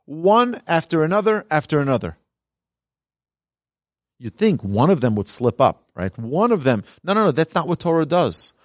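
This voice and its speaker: A man's voice: mid-range voice, no echo, clean studio sound. A man, a rabbi, teaching a Talmud class in an earnest, emphatic way. He reads lines from the source text and then explains them in plain speech.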